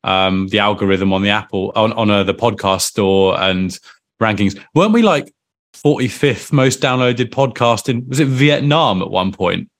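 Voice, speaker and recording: A man's voice: lowish voice, moderate pace. A man co-hosting a football podcast, joking and rambling in casual chat with friends. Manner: jokey, rambling, self-deprecating banter. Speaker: podcast co-host.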